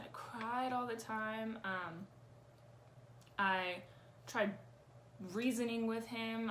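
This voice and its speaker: A young woman speaks straight to camera in a candid personal vlog, frank and emphatic, swearing freely and getting worked up. Her voice sits at a middling pitch. A faint hiss runs underneath. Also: a bit bright. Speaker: vlogger.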